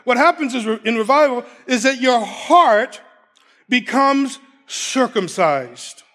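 Very high-voiced man preaching a sermon. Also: animated, takes it slowly, a bit bright. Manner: emphatic, repeats key phrases, laughs between points.

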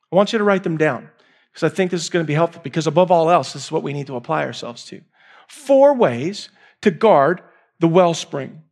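A man preaching a sermon, emphatic and repeating key lines, swinging between raised and hushed delivery. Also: sits high. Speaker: pastor.

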